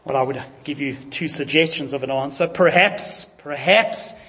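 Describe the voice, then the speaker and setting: A man's voice: mid-range voice, moderate pace, a bit bright. A man preaching a sermon, emphatic and putting questions to his congregation. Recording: long reverb of a large hall.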